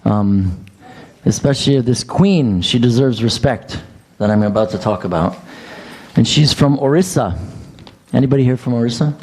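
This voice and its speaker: A man's voice: medium pitch, moderate pace, a little mellow, breathy edge. A man giving a class at a temple, telling chatty, joking anecdotes to a gathered audience. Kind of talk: storytelling scripture class.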